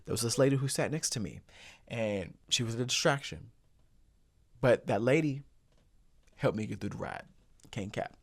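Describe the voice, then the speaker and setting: A man's voice: mid-range voice, normal speed, long pauses, dry recording. A young man hosting his own show, telling a personal story casually and repeating phrases for comic effect. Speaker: host.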